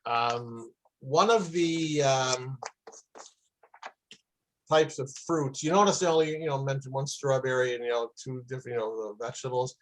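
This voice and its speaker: A man's voice: mid-range voice, moderate pace, rough recording. A man teaching a class on kosher food, telling anecdotes in a chatty, casual way with many fillers. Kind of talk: casual storytelling lecture.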